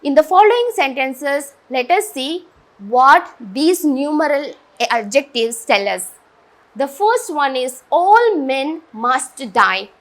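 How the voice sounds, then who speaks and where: Young woman teacher from India, lively high voice, explaining grammar step by step. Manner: slow, deliberate, asks and answers own questions. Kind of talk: grammar lesson.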